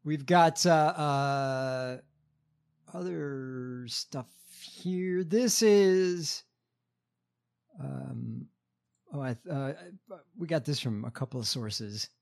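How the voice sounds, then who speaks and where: A man's voice: mid-range voice, very slow, creaky, a little mellow. Hesitant man reading headlines. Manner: hesitant, many fillers. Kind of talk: casual podcast news reading.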